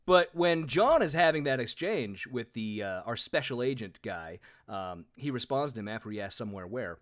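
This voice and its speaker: A man's voice: medium pitch, lively intonation, moderate pace, hardly any pauses. A man co-hosting a casual book review podcast, joking and reading passages aloud in a mock-dramatic voice. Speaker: podcast co-host.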